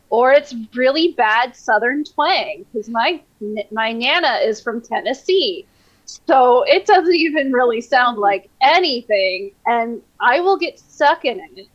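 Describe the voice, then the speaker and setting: A woman's voice: a little high, muffled recording. A woman on a convention panel, chatting candidly and mocking herself with a laugh. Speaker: panelist and player. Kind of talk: casual panel chat.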